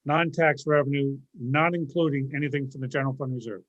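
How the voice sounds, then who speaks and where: A man working as town administrator, reporting budget figures to a council in a measured way, with pauses and hesitations. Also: medium pitch, steady tone, a bit bright, lo-fi sound. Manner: measured, reads out numbers with hesitations.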